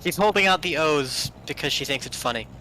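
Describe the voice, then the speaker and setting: A man's voice: on the high side, lively intonation, a little fast, bright, forceful tone, a little hiss or hum, rough recording. A man chatting playfully while playing a video game with a friend. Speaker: podcast host. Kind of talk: casual chat while gaming.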